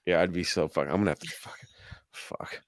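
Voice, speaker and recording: Low-voiced guy cohosting a podcast, laughs a lot, swears, dry close sound. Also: quick pace, no echo, whispered. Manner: laughs often, loose and profane. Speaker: podcast co-host. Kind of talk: casual chat.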